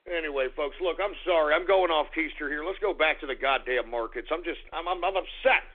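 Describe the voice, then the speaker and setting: A man's voice: a little high, brisk. A male radio talk show host who rants bluntly and profanely, then reads market figures. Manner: angry, blunt, profane ranting. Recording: tinny phone-like radio audio.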